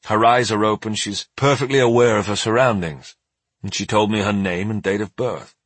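Audiobook doctor: calm, measured male physician, husky and low, read by a man. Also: no room sound, natural voice. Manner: steady, careful, reassuring.

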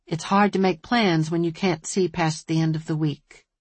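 A woman voicing an earnest, persuasive businesslike man in an audiobook, with a low, husky voice. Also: fairly even intonation, moderate pace, dry recording.

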